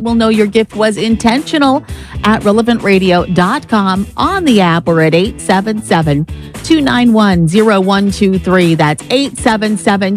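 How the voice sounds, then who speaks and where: A woman co-hosting a radio pledge drive, urging listeners to give and repeating the phone number. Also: fairly high pitch. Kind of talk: pledge drive fundraising appeal.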